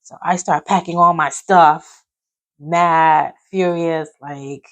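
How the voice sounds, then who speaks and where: A woman telling a personal work story in a casual, animated way, acting out what others said. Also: deep voice, takes it slowly. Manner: animated, acts out quotes of others. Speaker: podcast host telling her story.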